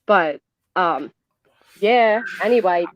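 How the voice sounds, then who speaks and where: A woman's voice: lowish voice, animated, takes it slowly. A woman from near Philadelphia with a Philadelphia accent, chatting casually on a podcast. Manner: chatty, self-conscious about her accent. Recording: dry, dull lo-fi sound.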